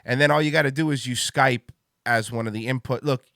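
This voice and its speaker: Loud excitable streamer man, dry mic. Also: mid-range voice, a little fast, dry recording. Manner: loud, excitable, swears freely. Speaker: livestream show host. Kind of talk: casual livestream chat.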